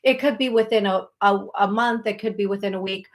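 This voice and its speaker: A woman's voice: mid-range voice, fairly even intonation, a little fast. A woman hosting a live call-in show as a psychic medium, talking in a chatty, emotional and rambling way.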